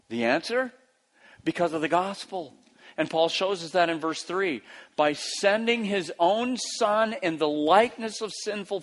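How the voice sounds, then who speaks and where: A man preaching a sermon as pastor, emphatic, dropping low and quiet, then rising sharply to stress key phrases.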